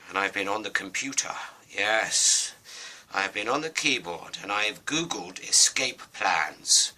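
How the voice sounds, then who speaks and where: Slow, playful male storyteller. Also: fairly low pitch, pushed and bright. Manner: playful, rambling, self-aware asides. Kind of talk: improvised storybook narration with character voices.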